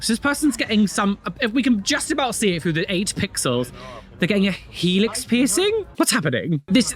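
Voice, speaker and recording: Man, reaction host, lively swooping voice, sarcastic, casual commentary. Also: high-pitched. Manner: animated, exclaiming, sarcastic.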